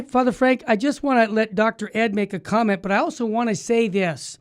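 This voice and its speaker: A man hosting a talk radio show, emphatic and exhorting, with quick restarts. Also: sits high. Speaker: radio host.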